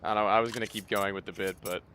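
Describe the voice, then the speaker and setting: Bright-voiced laid-back esports analyst. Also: male voice, lowish voice, fairly even intonation, rapid-fire, slight background noise, rough recording. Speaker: esports caster. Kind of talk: color commentary for esports.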